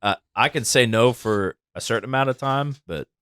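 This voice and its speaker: A man's voice: mid-range voice, normal speed, fairly bright tone, clean tone, no room sound. A man hosting a casual podcast, telling stories in an easygoing way and laughing often. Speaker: podcast host, firefighter. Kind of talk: casual chat.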